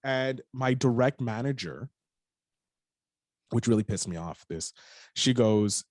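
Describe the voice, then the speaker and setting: A young adult man, a podcast guest, telling a frank, animated story in casual talk and swearing freely. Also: medium pitch, unhurried, long pauses, no room sound, clean studio sound.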